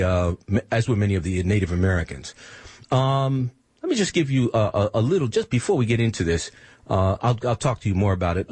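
Husky, lively-voiced impassioned radio host. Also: male voice, fairly low pitch, dry recording. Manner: emphatic, preachy, rhetorical questions.

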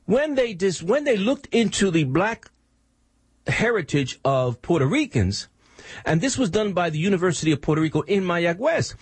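Husky, lively-voiced impassioned radio host. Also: male voice, sits high, moderate pace, dry recording. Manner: emphatic, preachy, rhetorical questions.

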